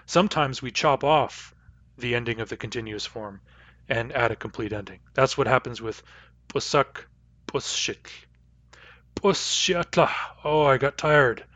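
A man teaching a language lesson, repeating each example word slowly and carefully. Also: mid-range voice, a bit bright, no room sound, lo-fi sound. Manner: slow, careful repetition of example words.

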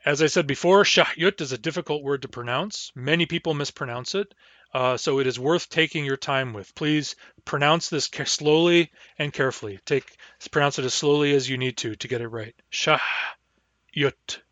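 A man teaching a language lesson, explaining grammar and modeling words slowly and carefully for learners to repeat. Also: on the high side, fairly bright tone, no echo, dull audio. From Barclay Sound region, Canada. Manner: patient, slow model pronunciations for repeating.

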